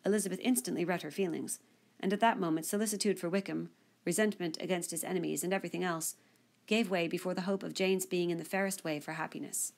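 A woman narrates a classic novel in a measured, even way. Her voice is low and gravelly. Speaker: audiobook narrator. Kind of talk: scripted narration.

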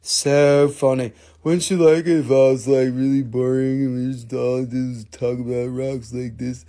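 A man helps run a live crystal sale and trades sarcastic jokes on the stream. His voice is mellow and dark, in a middle register. He pretends to sound dull on purpose as he describes a crystal. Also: mid-range voice, flat delivery, moderate pace. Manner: sarcastic, mock-boring delivery. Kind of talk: joking live-stream banter.

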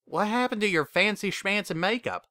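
A man's voice: high voice, animated, moderate pace, pushed and bright, no room sound, studio quality, pitched above the performer's own voice. A man voicing a blunt, honest young earth pony mare, teasing and plain-spoken.

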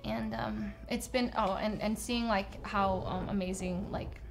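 A woman streamer chatting softly and haltingly on a livestream. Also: mid-range voice, fairly even intonation, creaky. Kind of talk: casual stream chat.

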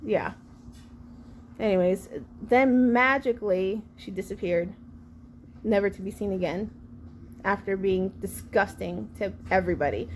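A woman in her thirties, a vlogger telling a sassy, animated storytime about an outing with her kids. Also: mid-range voice, unhurried, pauses often, slight background noise. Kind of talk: storytime vlog.

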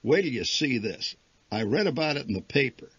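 A man's voice: medium pitch, sing-song, a little fast, a bit bright, slightly rough, dry recording, muffled recording, pitched above the performer's own voice. A man voicing an eager, bossy father who gets worked up and blusters. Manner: enthusiastic, blustering. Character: excitable, bossy middle-aged father.

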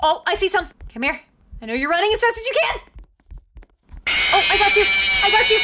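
A woman giving bubbly, excitable commentary while playing a video game, gasping and squealing as she reacts. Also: extremely high pitch, a little fast. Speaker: gaming video host.

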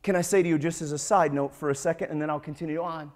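Male pastor, high voice, sermon delivery, stammering repeats, hushed lows and loud slowed peaks. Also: fairly even intonation. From United States. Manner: stammering repetitions, swelling to emphatic peaks. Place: church sanctuary.

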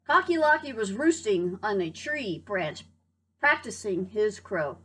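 A woman teacher reading a picture book aloud to young children, in a lively, expressive way. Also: mid-range voice, measured pace, slightly rough. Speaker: preschool teacher.

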